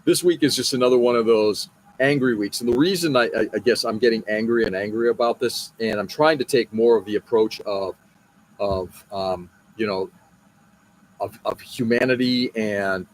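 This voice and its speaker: A man's voice: lowish voice, normal speed, a little hiss or hum. Blunt, profane American man ranting. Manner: frustrated, blunt and profane, with frequent restarts. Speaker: podcast host. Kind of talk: casual political rant on a live show.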